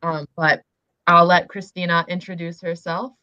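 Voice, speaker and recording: A young woman hosting a casual livestream book discussion, slightly croaky as she loses her voice, chatty and full of fillers. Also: on the low side, little pitch movement, normal speed, bright, forceful tone, no room sound, muffled recording. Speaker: booktube host.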